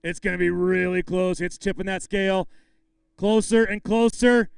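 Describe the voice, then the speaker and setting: A man's voice: sits high, fairly even intonation, normal speed, gravelly, smooth, no room sound. A man emceeing a live fishing tournament weigh-in, bantering with anglers and calling out the weights with bursts of hype.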